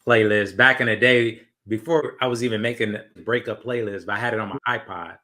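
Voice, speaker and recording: A man hosting a casual interview, asking questions in a relaxed way. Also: fairly low pitch, a little fast. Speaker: podcast host.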